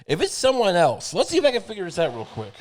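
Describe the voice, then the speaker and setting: Rambling, higher-voiced male podcast host. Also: wildly swooping pitch, fast. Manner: rambling, meandering, profane, many fillers. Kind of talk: comedic monologue.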